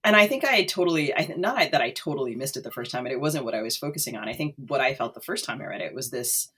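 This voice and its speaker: A woman co-hosting a casual book discussion, speaking thoughtfully with frequent pauses and fillers. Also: rumbling low, lively intonation, a bit bright, breathy edge. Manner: thoughtful, hesitant, many fillers.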